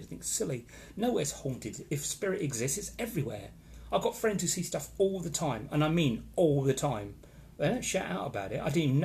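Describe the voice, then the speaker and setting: A man's voice: on the high side, creaky, darkish tone, slight background noise. A man hosting a casual live stream, chatting with opinions and greeting viewers by name as he reads their comments. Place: holiday location in Florida.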